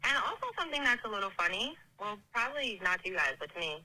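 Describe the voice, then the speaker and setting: A woman's voice: mid-range voice, sing-song, fast, sharp tone. A young woman leaving an earnest, chatty voicemail message for a podcast. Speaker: voicemail caller. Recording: tinny phone line.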